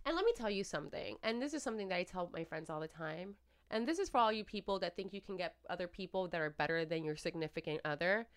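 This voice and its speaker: A woman's voice: lowish voice, lively intonation, quick pace, smooth. A woman, co-hosting a casual chat, blunt and opinionated with lots of "like". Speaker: podcast co-host.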